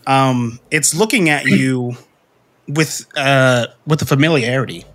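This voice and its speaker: A man's voice: mid-range voice, a little slow, a little hiss or hum. A man narrating as game master of a tabletop role-playing game, telling the scene with fillers and easy laughs. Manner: relaxed storytelling with frequent fillers and laughs.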